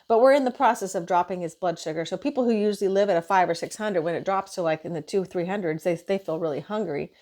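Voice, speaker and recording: A woman's voice: lowish voice, fast, few pauses. A woman nurse venting in a casual monologue, frustrated and swearing as she retells her shift. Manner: frustrated, profane, animated retelling.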